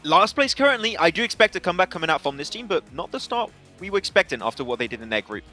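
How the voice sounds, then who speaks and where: A man giving esports analysis at a desk, animated, with quick restarts. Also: high-pitched, faint music behind.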